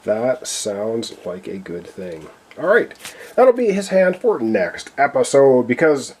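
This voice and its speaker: A man with a voice he says he is losing, commenting excitedly on his own solo board game play and counting cards aloud. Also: mid-range voice, takes it slowly. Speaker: board game player and channel host.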